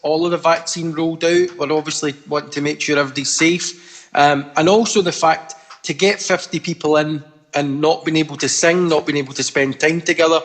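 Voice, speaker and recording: A male pastor talks over a video call in a steady, matter-of-fact way. His voice sits a little high for a man. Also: fairly quick.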